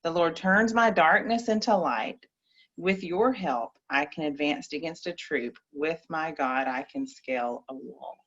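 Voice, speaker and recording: A woman reading scripture in a measured way, then chatting playfully with a child on a video call. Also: low-pitched, a bit bright, dull audio.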